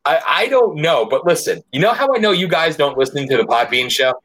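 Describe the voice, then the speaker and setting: Lively joking man hosting a podcast. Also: fairly high pitch, fairly quick. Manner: joking, loose, swears freely. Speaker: podcast host. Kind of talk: casual chat.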